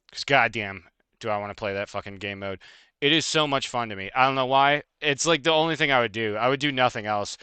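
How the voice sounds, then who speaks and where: A man streaming live, ranting casually and fast with lots of swearing and laughter. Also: mid-range voice, pushed and bright, clean tone, dry recording. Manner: fast, profane, heated and laughing.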